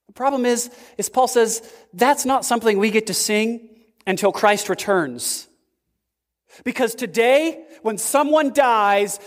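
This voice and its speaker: A pastor preaches a sermon slowly and emphatically, his pitch swinging suddenly. The sound carries the long reverb of a large hall.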